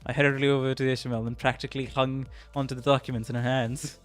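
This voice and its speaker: A man's voice: mid-range voice, level tone, quick pace, soft background music. A man streaming a game, reading its story aloud, laughing often and chatting with viewers.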